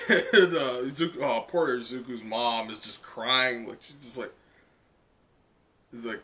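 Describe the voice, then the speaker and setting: A man reacting live to a comic chapter in casual, excited talk full of "like" and laughs. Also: medium pitch, moderate pace. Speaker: manga reaction streamer.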